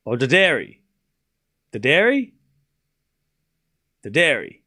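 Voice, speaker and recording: A man's voice: medium pitch, wildly swooping pitch, takes it slowly, sharp tone, slightly rough. Chatty man calling tennis play-by-play. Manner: joking, chatty, answers viewers' chat. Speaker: streamer commentating a live tennis match. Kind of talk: casual watchalong play-by-play.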